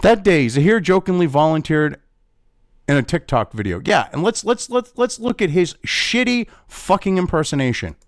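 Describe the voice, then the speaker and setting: A man's voice: on the high side, sing-song, normal speed, no room sound, studio quality. A man ranting angrily in a profane commentary video, talking as host.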